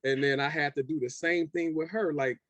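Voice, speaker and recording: A man's voice: on the high side, fairly even intonation, fairly quick, fairly bright tone, no room sound. A rapper in his forties telling a story in an interview, acting out both sides of an old phone call. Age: 40s. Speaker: rapper, guest.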